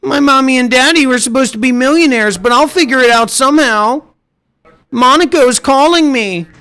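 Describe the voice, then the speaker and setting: A man's voice: very high voice, moderate pace, bright, forceful tone, clean tone, pitched above the performer's own voice, heavily acted. A man putting on the voice of a whiny, spoiled young man who pities himself for not being rich. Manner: whining, self-pitying.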